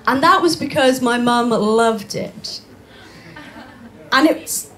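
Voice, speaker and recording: A young woman performing stand-up at a small bar open mic. Her voice sits high, and she talks in a chatty, self-mocking way with quick asides and restarts. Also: a bit bright. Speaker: stand-up comedian. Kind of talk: live stand-up comedy. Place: small comedy bar stage.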